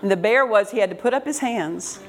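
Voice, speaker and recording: An older woman pastor preaches a sermon a little fast in a medium-pitched voice, emphatically repeating key words and laughing as she tells stories. The congregation in the room responds, calling out amens.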